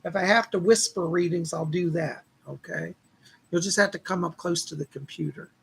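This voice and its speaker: A man's voice: high voice, fairly even intonation, moderate pace, vocal fry, a bit bright, slight background noise. A man hosting a live psychic-reading stream, chatting in a folksy way and greeting viewers by name, his voice strained and tired. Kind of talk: casual live-stream chat.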